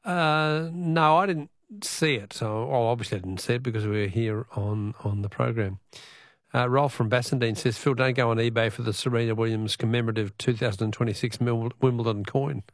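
A man's voice: medium pitch, fairly even intonation, brisk, dry recording. Male radio host, casual, reads texts and quizzes callers; dry studio sound. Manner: chatty, reads out listener texts. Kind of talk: late-night radio call-in quiz. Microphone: studio mic.

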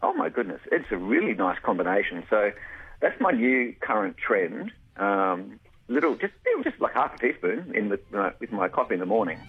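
A man's voice: on the low side, sing-song, normal speed, breathy edge. A man, a beekeeper guest on a radio phone interview, talking enthusiastically with many stumbling restarts. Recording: tinny phone line.

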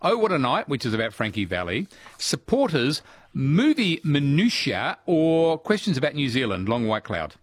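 A man's voice: medium pitch, big pitch swings, normal speed. Aussie radio quiz guy, bouncy voice, chatty and teasing callers. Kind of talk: casual call-in quiz chat.

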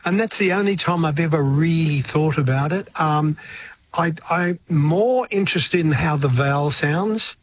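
An older Australian man, a musician guest, chatting in a relaxed, reflective way in a radio interview and often restarting his words. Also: on the high side, measured pace, slight background noise.

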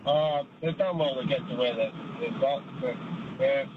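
Matey Australian caller on a noisy phone. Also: male voice, fairly high pitch, animated, normal speed. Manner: casual, matey. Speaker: radio caller. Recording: phone line with traffic noise.

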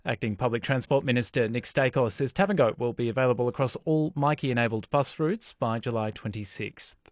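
A man's voice: medium pitch, a little fast, no echo, studio quality. A man reading a radio news and weather bulletin. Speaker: newsreader. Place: radio studio.

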